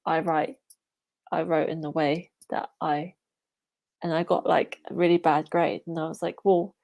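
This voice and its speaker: English woman guest on a podcast, lowish creaky voice, chatty, says yeah a lot. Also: flat delivery, unhurried, a little mellow. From England. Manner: chatty, many fillers like "yeah" and "like". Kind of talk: casual interview chat.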